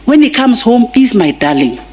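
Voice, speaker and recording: This is a funeral eulogy for her husband, given by a middle-aged Kenyan woman to a large gathering. Her voice sits on the high side, very animated and a little mellow, at a normal speed, with a Kenyan accent, Swahili phrases and plenty of emotion.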